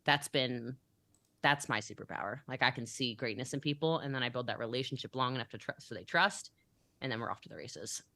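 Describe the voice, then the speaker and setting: A woman's voice: extremely low pitch, brisk, creaky, bright, forceful tone, no echo. A young adult woman talking as a business coach in a motivational podcast interview, emphatic and acting out the conversations she quotes.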